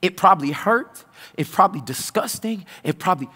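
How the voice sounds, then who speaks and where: A man delivering a sermon, his voice high and sharply bright. He swings wildly in pitch, bursting into loud peaks and then dropping to hushed, low lines. The sound rings with the long reverb of a big church hall. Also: animated, moderate pace, breathy edge. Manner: preaching with sudden loud outbursts and hushed low passages. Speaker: pastor.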